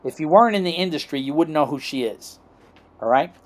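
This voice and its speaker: Brisk and expressive, with a fairly high-pitched voice, a middle-aged man from the United States guests on a podcast as a chiropractor. He spins long, wandering stories, performs the quoted dialogue, and keeps asking "okay?" and "right?".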